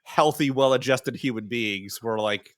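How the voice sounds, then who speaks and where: A man's voice: medium pitch, unhurried. A man hosting a podcast in loose, casual chat, joking around and swearing freely. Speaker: podcast host.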